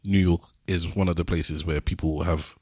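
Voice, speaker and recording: A man's voice: sits low, steady tone, normal speed, a little mellow, no echo, clean studio sound. A man co-hosting a podcast, musing in easygoing casual chat. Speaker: podcast co-host.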